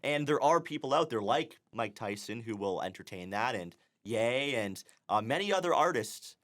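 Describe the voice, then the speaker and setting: A man's voice: mid-range voice, expressive, normal speed, fairly bright tone. A young man co-hosting a casual talk show, speaking earnestly with many fillers. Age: young adult. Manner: earnest, filler-heavy, lots of "you know". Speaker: co-host. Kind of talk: casual chat.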